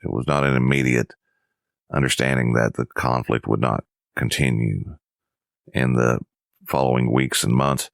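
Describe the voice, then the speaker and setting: A man with an extremely deep, low voice narrates a history lesson in a measured, somber way. The sound is close and dry. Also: steady tone, gravelly, dry recording.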